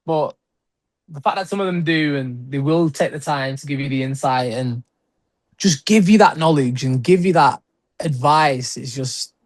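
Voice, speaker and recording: Chatty young British man, fairly high. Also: dry recording. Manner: rambling, heavy use of "like", quick laughs. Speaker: guest wrestler. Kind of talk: casual interview chat.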